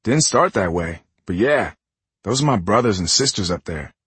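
A man voicing a dry, guarded teenage girl in an audiobook, speaking deadpan and teasing. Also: fairly low pitch, moderate pace, breathy edge, no echo, heavily acted.

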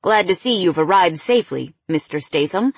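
A woman's voice: on the low side, animated, moderate pace, slightly rough, no room sound. A woman doing a courteous waiter. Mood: polite. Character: polite male restaurant waiter.

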